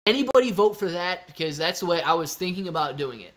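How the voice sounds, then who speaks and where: A man hosting a casual live stream, chatty and excitable, talking straight to his viewers. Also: high voice, fast. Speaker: livestream host.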